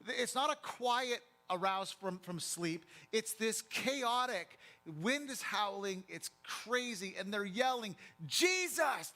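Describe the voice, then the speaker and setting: A pastor preaching a sermon in church, telling a story in a vivid, conversational way. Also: male voice, high voice, bright, forceful tone.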